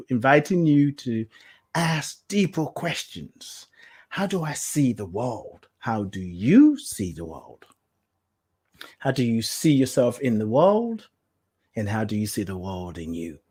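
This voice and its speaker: A man hosting his own podcast, speaking in an affirming, animated way, laughing often and dropping into soft asides. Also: mid-range voice, unhurried, breathy edge. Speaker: podcast host. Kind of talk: solo podcast monologue.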